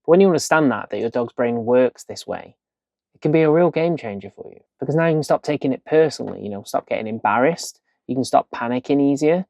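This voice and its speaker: Guy teaching dog training, chatty and direct, dry close sound, mid pitch. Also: animated, gravelly, darkish tone, dry recording. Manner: chatty, direct, coaching tone with quick asides. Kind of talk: instructional video lesson.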